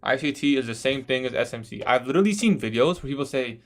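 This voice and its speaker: Young male streamer, laid-back and conversational, reads chat aloud, mid-pitch everyday voice. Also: animated, fast talker. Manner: casual, says "bro" often, laughs at odd questions. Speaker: day trader livestreaming. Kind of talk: casual livestream chat reading viewer questions.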